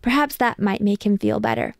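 A woman voicing a calm, cheerful storybook brother. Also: mid-range voice, fairly quick, creaky, no echo, clean studio sound. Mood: reassuring. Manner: calm and reassuring.

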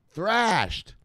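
A man's voice: high voice, no echo, studio quality. Profane, ranting male news host. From United States. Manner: loud, swearing, laughs at own jokes, swings from shouting to muttering.

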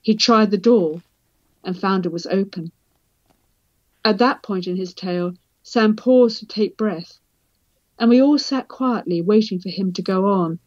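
Woman from Britain, author reading aloud, measured and reflective, dry close sound, dull lo-fi recording. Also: mid-range voice, darkish tone, no echo. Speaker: author and forensic psychiatrist. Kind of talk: reading from her book.

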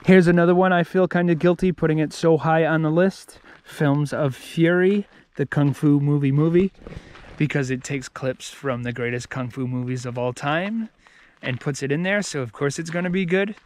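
A man's voice: fairly high pitch, normal speed, a little mellow. A man giving a casual, rambling movie review, with many fillers and restarts.

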